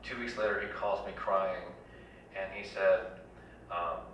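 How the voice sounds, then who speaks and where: A man's voice: low voice, little pitch movement, measured pace, fairly bright tone, a little hiss or hum. Earnest man speaking in an echoey hall. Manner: earnest, rallying, repeats phrases in lists. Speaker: congressional candidate. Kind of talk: town hall campaign speech. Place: community center hall. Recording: echoey hall, dull lo-fi, from far off.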